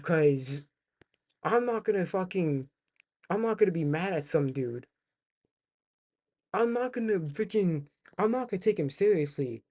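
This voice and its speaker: Young man, livestream reaction rant, profane, repetitive, mellow dark tone. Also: sits high. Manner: ranting, profane, repeats himself. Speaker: streamer.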